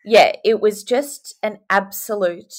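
A young woman, a podcast guest telling her story in a chatty, animated way over a video call. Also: mid-range voice, slow pace. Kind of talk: casual chat.

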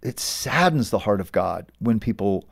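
A man's voice: fairly low pitch, lively intonation, moderate pace, creaky. A man, a pastor and author, earnestly recounting stories as a guest in a faith interview. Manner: earnest, storytelling.

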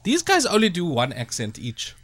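A man's voice: fairly high pitch, huge pitch swings, normal speed, noisy background. A man co-hosting a radio show, leading a game and teasing his colleague. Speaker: radio co-host. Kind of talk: playful studio banter.

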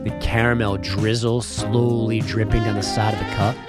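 A man voicing a sultry male ad announcer in a mock sexy ad read, slow and teasing. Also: on the low side, little pitch movement, over loud music, pitched below the performer's own voice, lightly acted. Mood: seductive. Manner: slow, breathy, teasing delivery.

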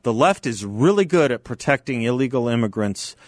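A man's voice: medium pitch, lively intonation, brisk, no echo. Emphatic talk radio host, man. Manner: emphatic, repeats key phrases. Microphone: studio microphone.

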